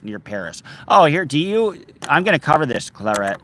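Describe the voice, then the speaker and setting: A man with a slightly high, fairly bright voice hosts a laid-back park livestream, very animated and talking at a moderate pace with few pauses. He reads viewer names and comments out loud, jokes around, and sings snatches of songs.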